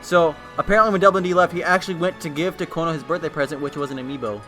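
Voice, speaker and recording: A man doing live tournament commentary at a gaming event, excitable and quick to break into shouts and laughter. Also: fairly high pitch, soft background music. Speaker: esports commentator. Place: tournament venue.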